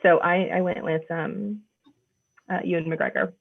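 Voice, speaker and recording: A woman co-hosting a casual chat, with a low, husky voice and a gravelly creak. She talks in a relaxed, thoughtful way and laughs easily. Her audio comes through thin and phone-like. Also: a little slow. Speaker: podcast co-host. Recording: tinny phone-like line.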